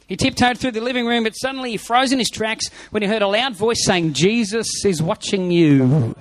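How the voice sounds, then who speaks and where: A man's voice: extremely high pitch, fast, a bit bright, no echo. A man preaching an Easter sermon, emphatic, with lots of repetition and a told joke. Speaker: pastor.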